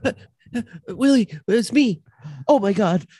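A man performing a fast, playful improv comedy scene, full of restarts. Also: high-pitched, animated, warm tone, husky. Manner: quick, playful, many restarts.

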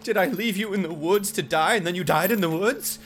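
A man's voice: sits high, fairly quick, fairly bright tone, soft background music. A man performing a comedy sketch as a melodramatic, panicky character who often shrieks.

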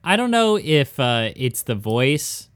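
A man's voice: medium pitch, big pitch swings, slow pace, fairly bright tone, clean tone, no echo. Dry-quipping man, close dry sound. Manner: dry quips, laughs easily. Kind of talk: casual comedic chat.

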